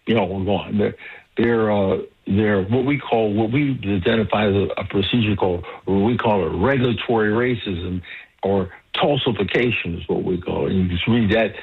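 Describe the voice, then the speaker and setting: Husky-voiced man halting over a phone line. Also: lowish voice. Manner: halting, full of restarts and repeated words. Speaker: caller on a radio talk show. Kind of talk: passionate call-in commentary.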